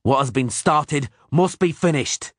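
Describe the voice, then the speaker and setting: A man's voice: a little high, unhurried, a bit bright, no room sound, studio quality, voice pushed up. Man doing a curt grim swordsman. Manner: curt, through clenched teeth. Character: grim hardened male monster hunter.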